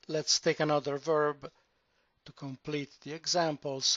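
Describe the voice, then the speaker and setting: A man teaching a grammar lesson, explaining slowly and deliberately and drawing out example words. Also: a little high, fairly even intonation, sharp tone, no room sound. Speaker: language teacher. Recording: dull, dry lo-fi sound.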